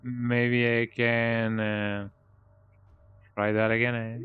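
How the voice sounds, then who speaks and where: A man's voice: medium pitch, flat delivery, slow, clear, resonant tone, phone-quality sound. A man streaming a game, reading its text aloud and muttering to himself, stumbling over words and tacking on a questioning "eh?".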